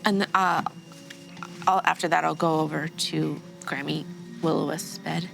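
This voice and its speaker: A woman's voice: sits low, fairly even intonation, unhurried, gravelly, fairly bright tone, faint music behind, low-quality recording. A woman player speaking in character in a tabletop game, earnest and caring.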